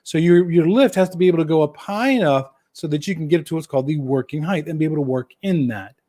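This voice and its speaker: A man's voice: on the high side, fast talker, dark tone. A man hosting a casual live-stream Q&A for viewers, folksy and jokey, who repeats his key phrases for emphasis. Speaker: host answering viewer questions.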